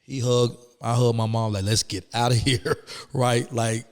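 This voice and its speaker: A man's voice: medium pitch, measured pace, smooth, long reverb tail. A man, telling his story as a guest in a casual interview and acting out the people in it. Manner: animated, acts out quoted people.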